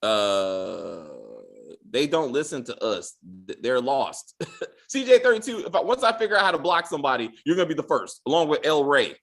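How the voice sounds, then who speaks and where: A man hosting a casual review show, talking in an animated, profane way. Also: fairly high pitch, moderate pace. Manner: animated, profane, quotes characters in put-on lines. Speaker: podcast host reviewing a TV episode. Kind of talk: casual chat.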